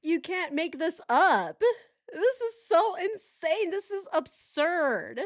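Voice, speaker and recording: A woman's voice: very high-pitched, very animated, slow, no echo, clean studio sound. A woman giving casual true crime reaction commentary, incredulous and laughing often.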